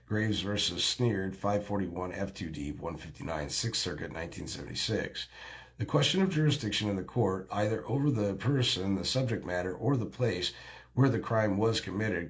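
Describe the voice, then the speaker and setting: Man, very low pitch, halting reading of legal citations, faint background noise. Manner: halting, stumbles over case names and citations. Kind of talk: reading legal text aloud.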